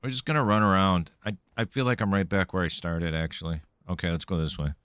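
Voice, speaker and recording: A man's voice: low-pitched, fairly even intonation, fast, a bit bright, clear, resonant tone, no echo, studio quality. A man streaming a video game, playfully talking to himself and taunting the enemies he meets, a little caffeinated. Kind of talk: let's-play gameplay commentary.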